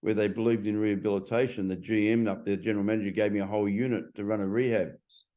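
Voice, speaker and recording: A man's voice: lowish voice, steady tone, racing, mellow, dull audio. Blunt, swearing man. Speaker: guest, transformation coach. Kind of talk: casual interview talk.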